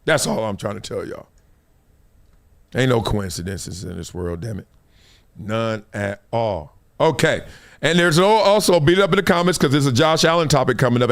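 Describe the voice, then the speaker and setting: A man hosting a live sports talk stream, telling stories with laughs and lots of energy. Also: medium pitch. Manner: animated, laughing, storytelling. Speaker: host.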